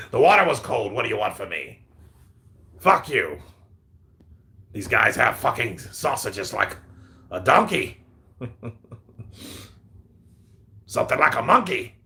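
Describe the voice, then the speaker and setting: A man hosting a casual boxing livestream, reading chat aloud, swearing freely and laughing often. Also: mid-range voice. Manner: profane, animated, laughing often. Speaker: boxing channel host.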